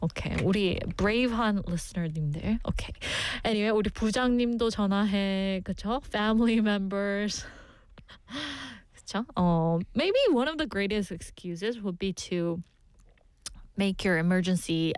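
A playful woman host chatting on the radio from a studio mic, giggling often and hopping between languages mid-sentence. Her pitch swings up and down with lots of life, and the sound is close and dry with no room around it. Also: expressive, rapid-fire, smooth, dry recording. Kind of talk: casual radio chat reading listener messages.

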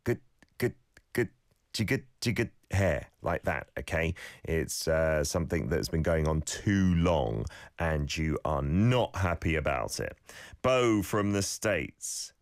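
A man hosting a radio show, playfully correcting listeners' pronunciation and repeating phrases slowly. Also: a bass voice, expressive, no room sound, studio quality. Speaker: radio host teaching Korean phrases. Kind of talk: casual radio lesson.

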